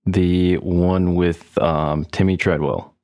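A male podcast co-host with a very low voice cuts in with short, wry reactions. His delivery is casual and offhand. The sound is dry, with no room echo. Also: steady tone, slow pace, darkish tone. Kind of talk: casual chat.

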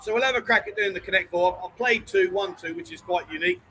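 High, bright-voiced man hosting. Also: fast, a little hiss or hum, rough recording. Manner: teasing banter, reads viewer comments aloud. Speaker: live-stream host. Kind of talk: casual live-stream chat. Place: bar.

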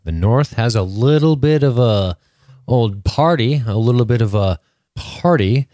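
A man co-hosting a casual TV recap podcast, jokey and quick with asides, often laughing. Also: medium pitch, lively intonation, mellow, no echo, clean studio sound. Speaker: podcast co-host.

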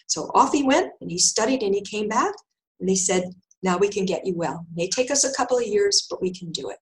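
An older woman recounts her story as a guest, her pitch climbing and falling as she acts out each exchange. She slips into other people's voices for the quoted lines and laughs her way through the telling. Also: brisk, poor audio. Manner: animated, acts out dialogue in voices. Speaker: guest, intuitive healer. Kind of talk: storytelling in conversation.

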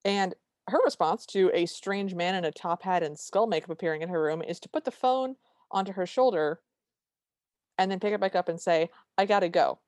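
A woman's voice: on the low side, brisk, darkish tone, no echo. A woman co-hosting a podcast, recapping a movie in casual chat with dry, wry humor. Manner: dry, wry storytelling with quoted lines. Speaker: podcast co-host.

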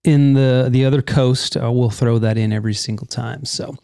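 A man's voice: medium pitch, steady tone, moderate pace, vocal fry, mellow, clean tone, no room sound, studio quality. A man hosting a podcast in casual chat, rambling and correcting himself with enthusiasm. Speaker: podcast host.

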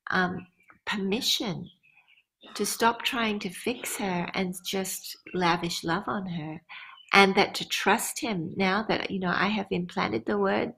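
Husky, gravelly-voiced woman pastor. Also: medium pitch, unhurried, a bit bright, rough recording. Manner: earnest testimony with prayerful asides. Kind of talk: conference Q and A teaching.

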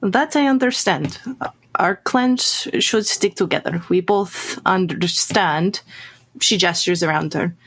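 A woman's voice: on the low side, a little slow, a bit bright, slightly rough, exaggerated voice. A woman voicing a proud, formal Russian vampire woman, in clipped broken English with a Russian accent. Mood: earnest.

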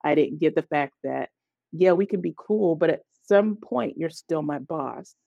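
A woman with a low, gravelly voice speaks at a measured pace in a dry, lo-fi recording. A guest on a podcast, she tells a personal story in conversation as an animated storyteller, acting out the quoted dialogue and filling gaps with "da, da, da".

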